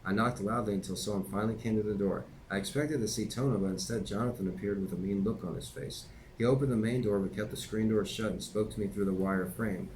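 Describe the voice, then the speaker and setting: A man's voice: on the low side, steady tone, fast talker, few pauses, a little mellow, slight background noise, low-quality recording. A man reading his own memoir aloud in a plain conversational way, with occasional slips and offhand asides.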